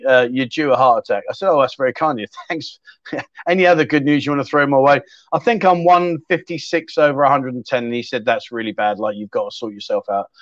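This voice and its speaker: A man's voice: fairly high pitch, no room sound, lo-fi sound. Chatty man hosting a livestream. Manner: chatty, rambling, reads out viewer comments. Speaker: livestream host. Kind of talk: casual livestream chat.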